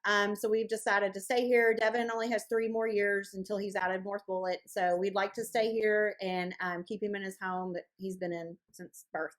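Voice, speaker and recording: A woman's voice: mid-range voice, little pitch movement, normal speed, few pauses. A woman hosting a support group meeting over a video call, chatty and playful as she rambles through updates. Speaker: group host. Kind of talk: casual chat.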